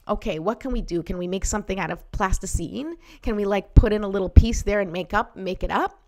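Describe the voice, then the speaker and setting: A woman's voice: mid-range voice, brisk, few pauses. A woman hosting a motivational talk, encouraging and personal, often checking in with the listener. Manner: encouraging, repeats "right?" to the listener. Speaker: host.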